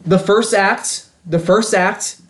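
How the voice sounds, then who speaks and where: Young guy cohost, fairly high voice, defensive, arguing his side. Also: slow. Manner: defensive, argumentative. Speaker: podcast co-host. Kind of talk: casual film review chat.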